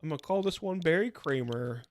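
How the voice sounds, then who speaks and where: A man's voice: on the high side, lively intonation, a little fast. Chatty young man streaming a game. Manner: rambling, chatty, laughs often, silly sing-song asides. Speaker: VTuber streamer. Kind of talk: casual gameplay stream chat.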